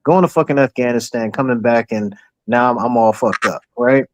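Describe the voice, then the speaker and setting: Animated, profane D.C. man. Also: medium pitch, moderate pace, no echo. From Washington, D.C., USA. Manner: profane, animated storyteller who acts out quotes. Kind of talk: casual podcast chat.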